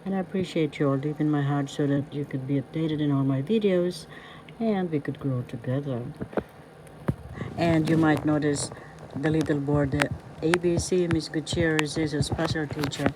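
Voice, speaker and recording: A woman teaching a language lesson, breaking words into syllables and repeating them slowly. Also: low-pitched. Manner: syllable-by-syllable pronunciation drilling, warm greetings. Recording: loud background noise, passing vehicles.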